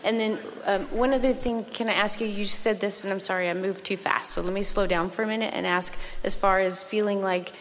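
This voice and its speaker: A woman's voice: mid-range voice, fairly even intonation, fairly quick, hardly any pauses. A woman from the audience asks a question, speaking hesitantly with stammers and apologies. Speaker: audience member asking a question. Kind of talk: on-stage question at a seminar. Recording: long hall reverb with faint background noise.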